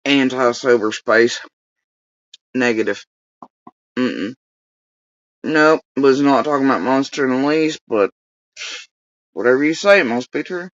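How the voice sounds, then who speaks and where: A woman's voice: very deep voice, animated, a little slow, pauses often, no room sound, muffled recording. A woman hosting a livestream, talking casually and cursing as she mocks someone. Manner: profane, mocking rants. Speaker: livestream host.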